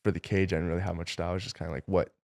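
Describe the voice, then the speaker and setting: A man's voice: deep voice, little pitch movement, rapid-fire, creaky, darkish tone. A young man, a film director being interviewed, telling stories in a casual, rambling way full of fillers.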